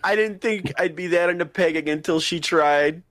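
A woman's voice: lowish voice, normal speed, a bit bright. A woman chatting casually with friends on a podcast, laughing breathlessly as she reads game cards. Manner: laughs hard and breathlessly while reading. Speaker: podcast co-host and card game player. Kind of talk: casual chat among friends.

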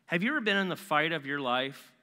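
A man preaching a sermon as a pastor in a casual, animated way, full of slangy asides. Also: on the high side, quick pace. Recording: long reverb in a large hall.

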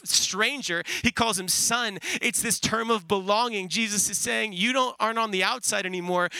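Bright, high-voiced man preaching. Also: creaky, no echo, poor audio. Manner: earnest, emphatic, repeats key phrases. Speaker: pastor. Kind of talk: sermon.

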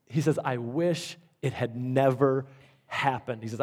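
A male pastor preaches a sermon in an unhurried, darkish, mid-range voice. He tells stories, acts out the quotes, and keeps repeating his key phrases.

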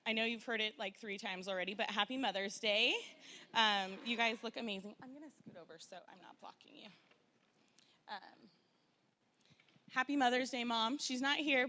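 A woman in her thirties tells a church gathering about life as a mother, chatty and full of little fillers. Her voice is bright and a bit higher than most. She slips into lively impressions when retelling moments with her kids. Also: moderate pace, a little hiss or hum. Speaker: mother sharing at a church Mother's Day event. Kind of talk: personal testimony talk.

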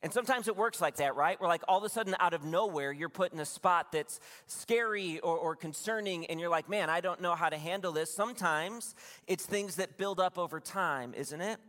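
Pastor telling a story in a reverberant hall. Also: male voice, high-pitched, normal speed, fairly bright tone. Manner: conversational, confiding, with restarts and asides to the congregation. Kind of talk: sermon storytelling. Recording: long reverb from a large room.

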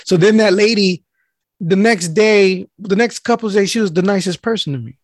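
A man tells a story in loose, casual chat, cursing often and jumping into the voices of the people he describes. His voice sits a little high. It is recorded close and dry, with no room sound. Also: moderate pace, a little mellow, no echo. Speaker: mail carrier telling a story.

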